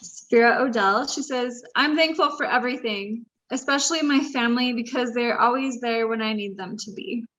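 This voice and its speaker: Bright, gushing woman on a dull lo-fi mic. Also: on the high side, moderate pace, few pauses. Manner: emotional, gushing, laughs easily. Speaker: co-host. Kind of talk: casual chat, reading tributes aloud. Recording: dull lo-fi sound.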